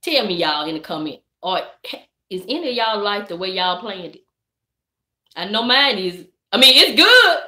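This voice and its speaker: Very animated at a moderate pace, a woman vlogger with a mid-range, sharp voice hosts a casual live stream chat. She's easygoing but preachy, calling viewers "baby" and "y'all." An echoey room surrounds her.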